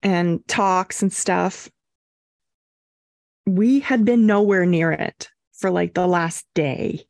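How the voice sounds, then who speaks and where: A young woman co-hosting a podcast, telling a story in a casual, animated way and acting out quotes. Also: on the low side, slow, no echo, clean studio sound. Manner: animated, acts out quotes with swearing and laughs. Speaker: podcast co-host.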